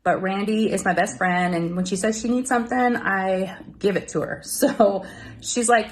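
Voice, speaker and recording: A woman's voice: mid-range voice, fairly even intonation, moderate pace. Giggly chatty woman. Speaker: guest clip sender. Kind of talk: casual chat.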